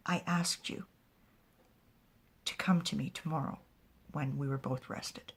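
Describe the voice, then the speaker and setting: A woman voicing a stern, weary male clan chief in a soft, breathy near-whisper, cold and measured. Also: low voice, steady tone, heavily acted. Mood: cold warning.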